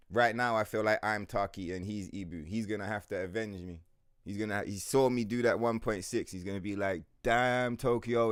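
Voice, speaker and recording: A man's voice: fairly low pitch, no echo. A young man streaming a game, ranting casually with lots of profanity and playful mock voices. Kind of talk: casual livestream rant while gaming.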